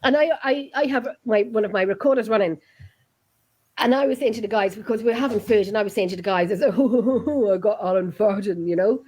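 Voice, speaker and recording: A woman's voice: on the high side, quick pace, darkish tone. A woman hosting a podcast, telling stories in casual chat with lots of giggling. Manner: giggly, chatty storytelling. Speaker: podcast host.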